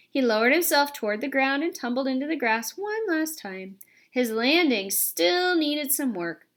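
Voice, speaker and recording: A woman reads a storybook aloud in a gentle, expressive manner. Her voice sits a little high for a woman, and she gives each scene a warm, easy storytelling lilt. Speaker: audiobook reader. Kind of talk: storybook narration.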